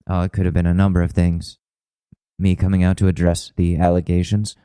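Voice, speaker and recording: A rambling, profane young podcast host. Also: male voice, low voice, flat delivery, a little fast, mellow, clear, resonant tone, dry recording, low-quality recording. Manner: rambling, self-mocking, profane. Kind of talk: rambling comedic monologue.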